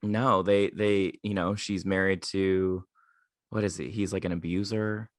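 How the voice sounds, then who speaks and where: A man's voice: low voice, flat delivery, unhurried, no echo, studio quality. A man co-hosting a podcast in casual chat, rambling with stammered restarts and plenty of fillers. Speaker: podcast co-host.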